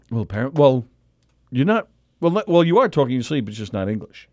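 A man's voice: medium pitch, darkish tone, no room sound. A man co-hosting a comedy radio show, telling a rambling story in casual banter with lots of restarts. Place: radio studio.

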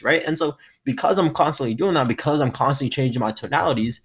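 A young man hosting his own solo motivational podcast, talking energetically and shifting his tone and loudness often. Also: medium pitch, racing, hardly any pauses, breathy edge. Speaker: podcast host.

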